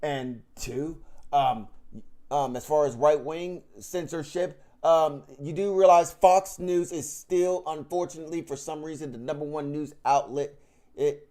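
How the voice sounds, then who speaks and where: Profane, rambling man ranting, fairly high-pitched. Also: fairly even intonation, unhurried, mellow. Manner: profane, rambling, heated, with frequent restarts. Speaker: YouTube commentator. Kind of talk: unscripted rant to camera.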